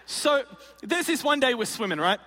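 A man's voice: very high-pitched, sing-song, normal speed, sharp tone, in a large hall, a little hiss or hum. A man preaching, telling a comic story and acting out the voices of the people in it. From Australia. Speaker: pastor. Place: large auditorium.

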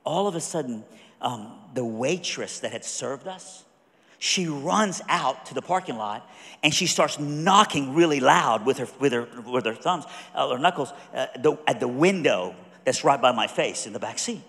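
A man preaching a storytelling sermon, acting out the people in his story and swinging from hushed to loud. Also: medium pitch, lively intonation, normal speed, gravelly. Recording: echoey hall with long reverb.

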